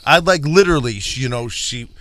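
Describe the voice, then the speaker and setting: A man's voice: medium pitch, animated, fairly quick, fairly bright tone. A middle-aged married man telling profane stories in casual banter, acting out his wife's lines. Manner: profane storyteller, acts out quotes. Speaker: podcast co-host.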